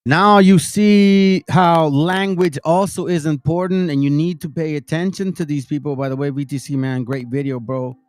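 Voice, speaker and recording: A man's voice: a little high, smooth, no echo. A man hosting his own channel, giving heated, preachy commentary over video clips and speaking straight to his listeners. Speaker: channel host reacting to videos.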